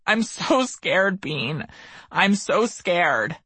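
A man's voice: a little high, steady tone, moderate pace, fairly bright tone, dry recording. A man voicing a young man with terminal cancer, frightened and tearful, pleading through sobs. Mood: sobbing terror. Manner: sobbing, pleading.

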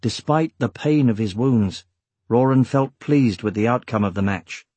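A man narrating an audiobook with measured, steady storytelling. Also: mid-range voice, no room sound. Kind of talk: scripted narration.

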